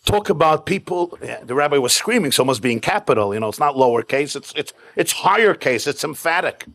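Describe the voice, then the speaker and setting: A man's voice: on the high side, animated, brisk, a bit bright. A man, a rabbi, giving a keynote sermon at a home event, mixing jokes with storytelling in short, punchy repeated phrases. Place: private home event with live audience.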